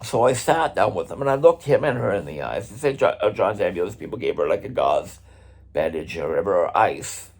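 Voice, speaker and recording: A middle-aged man with a husky, slightly rough voice tells a story from his touring days. He talks casually and conversationally, and his pitch jumps up and down with lively expression. He drops the odd swear word along the way. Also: brisk. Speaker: drummer and vlog host.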